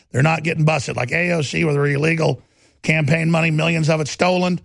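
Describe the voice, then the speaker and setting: A man's voice: fairly high pitch, fairly even intonation, brisk, no room sound. A man delivering a combative, sarcastic political commentary monologue as a talk show host. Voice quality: gravelly.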